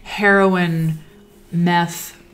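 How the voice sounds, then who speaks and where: This livestream host is a woman with a lowish, slightly bright voice, speaking extremely slowly in a flat delivery. She's at home sewing, and her casual stories ramble reflectively and often trail off.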